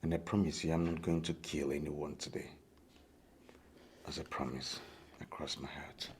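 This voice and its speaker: An actor playing a frustrated young ex-convict, with a Nigerian English accent, swinging between pleading outbursts and tense whispers. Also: male voice, rumbling low, steady tone, normal speed, a little hiss or hum. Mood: whispering. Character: frustrated young ex-convict man, bitter and defensive. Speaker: ex-convict brother.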